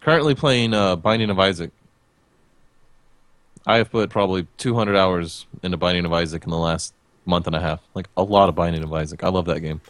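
A man's voice: deep voice, fairly quick, no room sound. A young man co-hosting a casual podcast chat, blunt and swearing freely. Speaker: podcast co-host.

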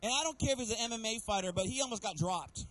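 A man's voice: high voice, quick pace, rough recording. A middle-aged man preaching as a pastor, telling stories with humor and calling out to the congregation again and again. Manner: animated preaching with repeated calls to the congregation; storytelling with humor. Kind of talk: sermon.

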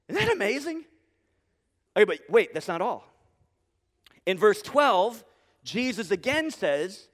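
Animated man preaching with high voice. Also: moderate pace. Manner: animated, humorous, conversational preaching with rhetorical questions. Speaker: pastor. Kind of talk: sermon. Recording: long hall reverb.

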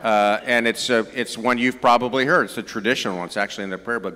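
Southern pastor preaching in a reverberant hall. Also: male voice, medium pitch, fairly even intonation, quick pace, few pauses, bright, forceful tone. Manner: conversational, joking asides. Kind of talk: sermon.

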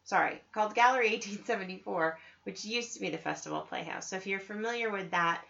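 On her knitting podcast, this woman talks fast at a medium pitch, her tone bright and forceful with vocal fry. The casual chat is enthusiastic and peppered with ums and tangents, captured in somewhat dull lo-fi sound.

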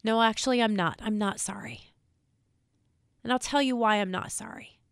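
Woman, emotional, near tears, earnest, halting, slightly high, dry close sound. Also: gravelly, clean tone, no room sound. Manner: earnest, halting, repeating herself. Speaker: state trooper spokesperson. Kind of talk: emotional direct-to-camera talk.

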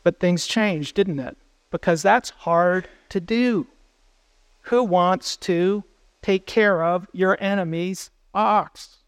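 A man's voice: sits high, slow pace, smooth, no room sound. A man preaching a sermon as pastor, earnest, putting questions to the congregation.

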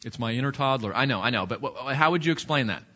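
A man's voice: medium pitch, animated, fast, sharp tone. A middle-aged man teaching a Bible class at church, who repeats his words as he goes and keeps putting questions to the class. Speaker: Sunday school teacher. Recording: dull lo-fi recording.

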